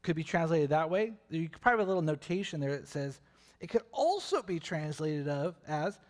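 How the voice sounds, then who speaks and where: A man preaching a sermon as pastor, animated and swinging between loud and soft as he acts out questions. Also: on the high side, a little fast. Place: church sanctuary. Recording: long reverb of a church hall.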